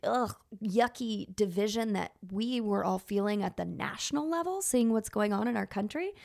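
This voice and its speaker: Earnest gravelly-voiced woman teacher. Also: medium pitch, moderate pace. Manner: earnest, emotional, animated storytelling with many fillers. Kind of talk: personal storytelling talk.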